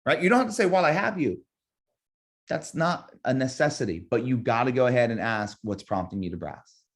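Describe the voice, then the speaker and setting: A man's voice: mid-range voice, brisk. Guy running a live sales training webinar, upbeat, keeps repeating stuff and role-playing phone calls. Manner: energetic, repeats key phrases, acts out sample sales calls. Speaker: real estate sales trainer.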